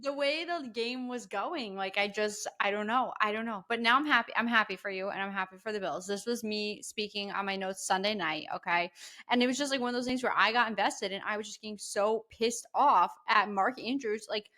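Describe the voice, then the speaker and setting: A woman's voice: medium pitch, fairly quick, pushed and bright. A woman co-hosting a sports podcast, giving emphatic, slightly apologetic game analysis. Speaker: podcast co-host. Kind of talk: casual sports chat.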